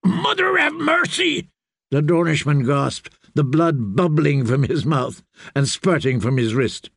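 A man voicing a fierce, scornful male spearman who taunts in a slow snarl, in an audiobook. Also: medium pitch, vocal fry, no echo, clean studio sound. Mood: desperate. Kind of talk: audiobook character voice.

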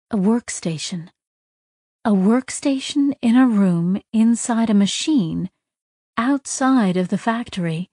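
A woman's voice: a little high, mellow, no room sound, clean studio sound. A woman narrating a story in a tense, dramatic reading style with urgent bursts. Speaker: audiobook narrator.

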